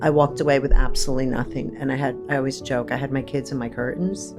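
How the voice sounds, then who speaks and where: A frank, animated woman in her fifties with a New York accent talks openly as an interview guest. Her voice sits very low for a woman. She laughs easily and piles up emphatic lists as she goes. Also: fast, over music. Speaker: podcast guest, therapist. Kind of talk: candid conversational interview.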